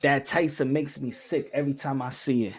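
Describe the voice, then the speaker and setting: A man hosting a boxing show, talking in an animated, rambling way and slipping into Spanish. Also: medium pitch, fairly quick, slightly rough. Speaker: boxing podcast host. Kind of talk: casual boxing commentary.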